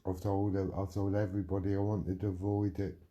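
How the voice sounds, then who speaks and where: A man's voice: deep voice, level tone, brisk, mellow, lo-fi sound. A middle-aged man on a livestream, ranting angrily and threatening someone while answering chat, with a lot of swearing.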